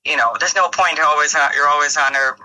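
Bright-voiced Irish caller on the radio. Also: medium pitch, fairly even intonation, a little fast, low-quality recording. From Ireland. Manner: reflective, hesitant. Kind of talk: casual radio chat.

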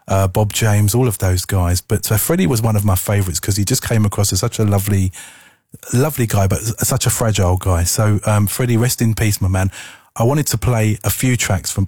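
A man's voice: fairly low pitch, steady tone, a little fast, darkish tone, husky, no room sound, clean studio sound. A man presenting on the radio, telling a story in a casual, rambling way with frequent ums. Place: radio studio.

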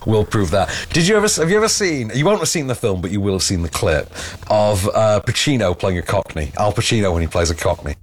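A man's voice: fairly low pitch, expressive, fast, breathy edge. An English man hosting a film review podcast in casual chat, sarcastic and rambling, with frequent restarts. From England.

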